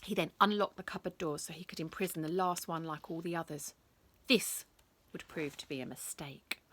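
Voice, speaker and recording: A woman reading a bedtime story, animated, acting out sound effects and dropping to whispers. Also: mid-range voice.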